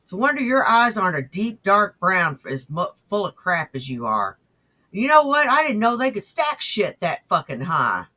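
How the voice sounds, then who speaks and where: A man's voice: high-pitched, big pitch swings, normal speed, bright, forceful tone. A man hosting a profane reaction show, mocking and sarcastic as he talks back to clips. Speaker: host.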